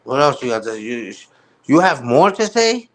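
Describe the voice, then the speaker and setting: A man's voice: mid-range voice, sing-song, normal speed. A man hosting a live stream, ranting heatedly with profane street slang. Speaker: livestream host. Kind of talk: casual livestream rant.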